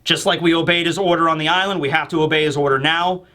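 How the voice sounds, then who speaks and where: A man's voice: on the high side, steady tone, fast, bright, forceful tone. Brief: man doing earnest young marine, solemn and firm. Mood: grave.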